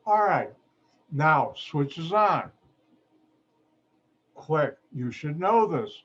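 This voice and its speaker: A man's voice: fairly high pitch, expressive, very slow. A man teaching a chemistry class over a video call, with a playful, jokey manner and frequent asides. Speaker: chemistry instructor. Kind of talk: online lecture. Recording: muffled video call audio.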